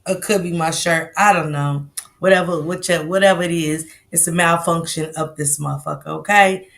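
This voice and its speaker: Gravelly woman greeting livestream chatters. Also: lowish voice, fairly even intonation, normal speed, fairly bright tone. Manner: greets viewers by name in slangy banter. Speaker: livestream host. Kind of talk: casual livestream chat.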